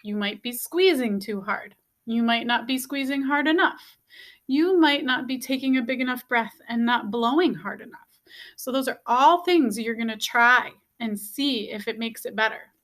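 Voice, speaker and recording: Here a woman guides novices through music basics in a video lesson, patiently repeating each step and pausing to ask "okay?". She talks at a moderate pace in a somewhat high, fairly bright voice.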